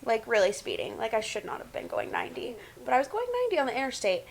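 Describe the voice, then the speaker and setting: A young woman sits in as a podcast guest and tells a story in casual chat. Her voice sits a little high. She acts out each person in the story as she goes. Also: quick pace, creaky, rough recording. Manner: animated, dramatic retelling with quoted voices.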